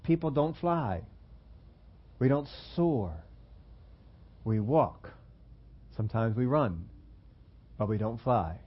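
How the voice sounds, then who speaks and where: A man's voice: medium pitch, expressive, slow pace, long pauses, husky. A man preaching a conversational sermon as pastor, joking about himself and putting questions to his listeners. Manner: conversational, self-deprecating, asks the congregation questions. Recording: dull lo-fi sermon audio.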